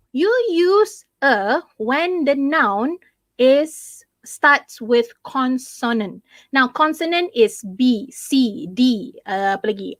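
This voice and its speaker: A woman's voice: sits high, a bit bright, dry recording. A young Malaysian woman teaching English in a live online class, chatty and mixing in Malay, who keeps checking in with "okay?".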